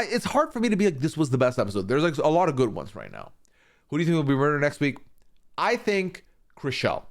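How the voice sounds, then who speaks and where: A man streaming a casual, opinionated recap of a reality show, swearing freely and acting out what people said. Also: medium pitch. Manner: animated, swearing, acting out quoted lines.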